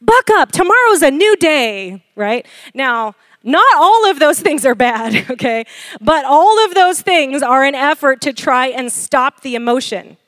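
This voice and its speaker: A woman in her forties preaching a sermon, animated and laughing often as she questions the congregation. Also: sits high, a little slow, no room sound, studio quality. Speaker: pastor.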